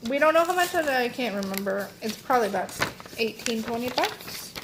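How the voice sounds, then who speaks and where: Young woman, beauty vlogger, casual rambling chat, lots of fillers, slightly high pitch, faint background noise. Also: expressive, fairly quick. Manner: rambling, filler-heavy, self-correcting.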